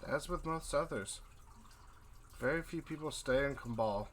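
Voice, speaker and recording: A man's voice: fairly high pitch, unhurried, a bit bright, slight background noise, pitched above the performer's own voice. A man voicing a friendly, slightly breathless woman who delivers bread, making polite small talk. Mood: friendly chatty.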